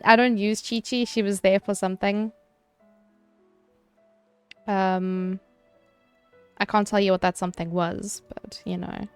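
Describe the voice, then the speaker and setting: A woman streaming a game, chatting casually with her viewers, swearing loosely and answering chat between quick laughs. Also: medium pitch.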